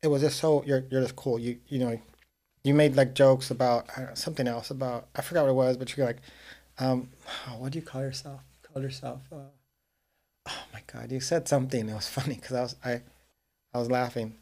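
Rambling, halting man. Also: mid-range voice, steady tone, warm tone. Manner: rambling, halting, laughing easily. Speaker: podcast host. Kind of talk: casual chat.

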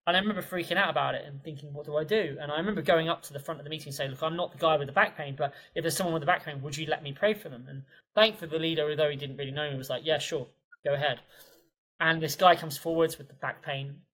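A man telling a personal story as a podcast guest, animated and full of fillers. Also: on the high side, racing, low-quality recording. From England. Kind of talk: conversational storytelling.

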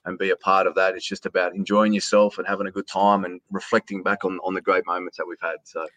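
A middle-aged Australian man chatting on an interview in a lowish voice. He restarts words often and drops in mate every few lines. The sound is dry and close. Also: little pitch movement, quick pace, dry recording. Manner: warm, says mate often, repeats words. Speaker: guest, sports announcer. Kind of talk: casual conversation over a call. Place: hotel quarantine room.

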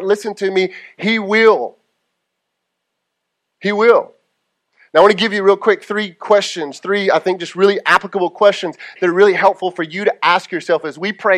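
High-voiced male pastor, chatty sermon. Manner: conversational storytelling with frequent "okay?" check-ins; drops to slow, soft delivery for prayers. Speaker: lead pastor.

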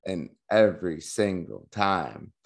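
Podcast co-host, male, very deep voice with lively swings, crude teasing humor. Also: slow pace, vocal fry. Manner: crude teasing jokes, laughs often. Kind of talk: casual podcast chat.

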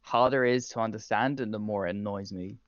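A man with a Southern English accent, co-hosting a podcast in casual chat, hesitant and measured. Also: fairly low pitch, fairly even intonation, smooth, dry recording. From Southern England. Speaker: podcast co-host. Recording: dull lo-fi dry sound.

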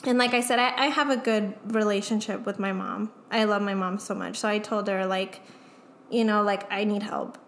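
A woman's voice: medium pitch, fairly even intonation, normal speed, a bit bright. A young woman as a guest, speaking candidly and emotionally in a casual chat, full of "like" fillers and swearing. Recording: echoey room.

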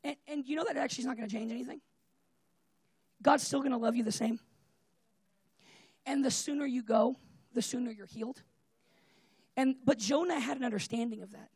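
A preacher giving a casual, conversational sermon with personal stories, talking in an animated way and leaning on "like" and "right?". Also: mid-range voice, brisk, long pauses, slightly rough, dry recording. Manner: animated, fillers of "like" and "right?", often laughs.

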